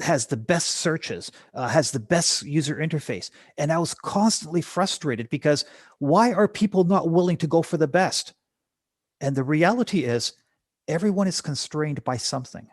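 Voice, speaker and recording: Husky-voiced man musing aloud. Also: a little high, no echo, studio quality. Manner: reflective, rhetorical questioning. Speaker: guest. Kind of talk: conversational storytelling.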